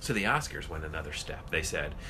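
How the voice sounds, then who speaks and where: A man co-hosting a casual podcast chat, ranting and swearing in an animated way. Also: very deep voice, a little fast, a little hiss or hum.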